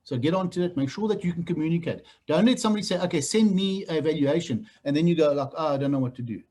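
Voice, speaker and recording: A man's voice: a little high, quick pace. Blunt South African man training new agents. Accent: South African English. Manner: blunt, animated, teasing the room. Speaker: real estate trainer. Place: training room with a group.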